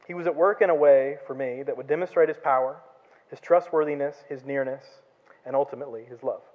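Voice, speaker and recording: A man's voice: mid-range voice, a little fast. Earnest man preaching in a church hall. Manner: earnest, tells a parable with quoted voices. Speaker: guest speaker. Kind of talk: sermon testimony. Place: church sanctuary. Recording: lo-fi, phone-like sound in a reverberant church hall.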